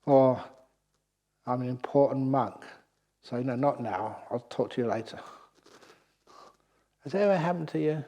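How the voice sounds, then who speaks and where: A man giving a Buddhist dharma talk at a meditation retreat, telling stories in a lively way and chuckling at his own jokes. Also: medium pitch, normal speed, long pauses, dull audio. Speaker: Buddhist monk teacher.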